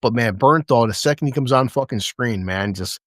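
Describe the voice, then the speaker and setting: An excitable man hosts a casual chat, swearing freely and acting out lines from scenes. His pitch sits in the middle range. The sound is dry and close, with no room echo. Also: moderate pace. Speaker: podcast host. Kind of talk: casual episode review chat.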